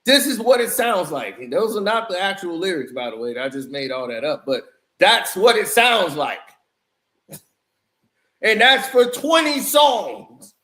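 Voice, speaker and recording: A man giving a blunt, scornful, animated music review in a casual rant, laughing often. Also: sits high, a little slow, pauses often, reverberant. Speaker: album reviewer.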